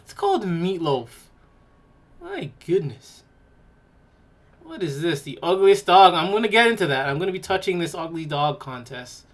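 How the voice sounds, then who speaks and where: A woman's voice: fairly low pitch, sing-song, normal speed, pauses often. A woman hosting a podcast, giving casual reaction commentary in a mocking, exclaiming way and laughing in disgust. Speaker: podcast host.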